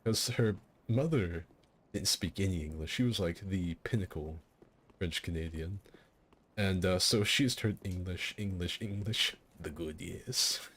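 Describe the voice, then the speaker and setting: Low-voiced man telling rambling stories. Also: a little slow, a bit bright, breathy edge. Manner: rambling, self-interrupting, laughing at his own jokes. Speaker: streamer hosting a game fight night. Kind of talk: casual storytelling over gameplay.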